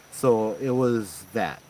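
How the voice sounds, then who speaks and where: A man's voice: on the low side, slight background noise, poor audio. A man with a Hawaiian Pidgin-tinged accent, animatedly telling a ghost story in a casual, slangy way, often acting out what people said. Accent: Hawaiian Pidgin-tinged English. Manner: animated, slangy, lots of "I'm like". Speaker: host telling ghost stories.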